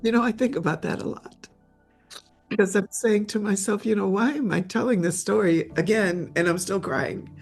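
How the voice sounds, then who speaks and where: An older woman, a memoir author and interview guest, telling a personal story in a halting way, repeating words as she gets tearful. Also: medium pitch, vocal fry, a little mellow, husky, soft background music.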